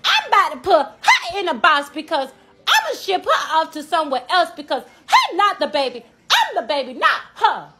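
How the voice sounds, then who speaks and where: A woman's voice: very high voice, wildly swooping pitch, normal speed, background noise, voice pushed up, full character voice. A woman voicing a whiny, jealous little kid in a comedy skit. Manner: whiny, pleading.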